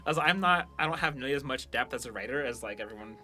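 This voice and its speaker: Bright, lively young man chatting. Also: mid-range voice, very fast. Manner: laughs often, animated and playful. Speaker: podcast host and writer of the show. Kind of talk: casual chat reading listener reviews.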